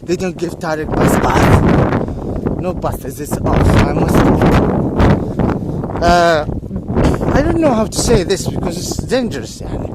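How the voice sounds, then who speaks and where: A man rambling in a monologue while he walks outdoors, repeating himself and laughing to himself, with loud wind hitting the mic. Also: a little high, very animated, a little slow, long pauses. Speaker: vlogger. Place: outdoors, walking in strong wind.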